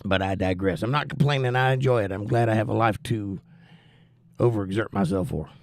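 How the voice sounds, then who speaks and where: Man, gravelly voice, dry close sound, wry teasing host chatting with viewers, short of breath from flu. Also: on the low side, fairly quick, no echo. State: out of breath, recovering from flu with coughs. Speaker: livestream host reading chat. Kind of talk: casual chat.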